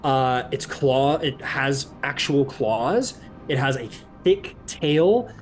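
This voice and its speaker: A man running a tabletop game as game master, narrating loosely with many fillers and breaking into shouted character lines. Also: mid-range voice, lively intonation, slow pace, a little hiss or hum. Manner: loose, filler-heavy narration with sudden shouted NPC outbursts.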